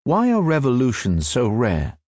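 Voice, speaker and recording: A man reading nonfiction as an audiobook narrator, in a measured, even storytelling delivery. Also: medium pitch, no echo, clean studio sound.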